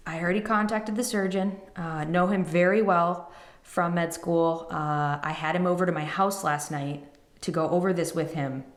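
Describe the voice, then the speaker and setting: A woman's voice: deep voice, echoey room. A woman in her thirties, a podcast host, emotionally retelling a personal story and acting out the people in it. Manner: emotional, quotes others in retelling.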